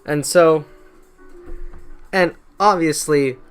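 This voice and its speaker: A man's voice: fairly high pitch, drawn-out words, clean tone, soft background music. A young man explaining history in a casual, irreverent way, swearing constantly and slipping into mocking voices for historical figures. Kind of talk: casual profane history narration.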